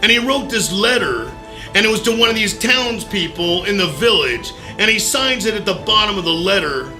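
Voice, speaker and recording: Man, high voice, very bright, animated storyteller, some quiet music behind. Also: normal speed. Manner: animated, acts out his own voice in quotes, loud bursts; mild profanity, folksy. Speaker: recovery speaker. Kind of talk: motivational storytelling talk.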